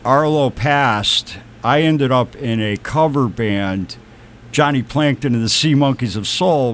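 A man speaking very slowly and deliberately recounts how he founded his band. His voice sits at a middling pitch, and faint noise runs underneath. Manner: slow, thoughtful storyteller. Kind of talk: casual chat.

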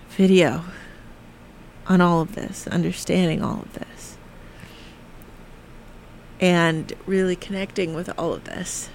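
Earnest, halting radio-studio speaker. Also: mid-range voice, fairly even intonation, gravelly, slight background noise. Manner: halting, with frequent "you know" and restarts; earnest and heartfelt, drifting at times into a near whisper. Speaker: radio show speaker on grief and spirit communication. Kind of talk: reflective spoken monologue.

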